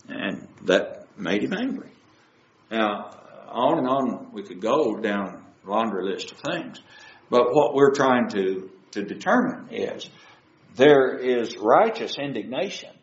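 A man's voice: medium pitch, big pitch swings, takes it slowly, echoey room, highs cut off. A man preaching a sermon, asking his listeners question after question. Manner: asks the audience many questions.

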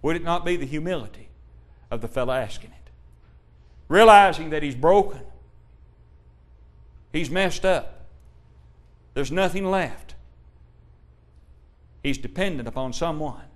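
A man preaching a sermon, asking the congregation rhetorical questions and quoting old-style scripture, shifting between loud emphasis and hushed tones. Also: on the high side, expressive, measured pace, long pauses. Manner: King James scripture quotations.

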